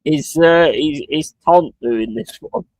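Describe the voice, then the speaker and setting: A man's voice: a little high, very animated, slow pace, vocal fry, darkish tone, dry recording, rough recording. A young man chatting casually on a live stream, sweary and prone to ranting. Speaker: streamer watching a football match.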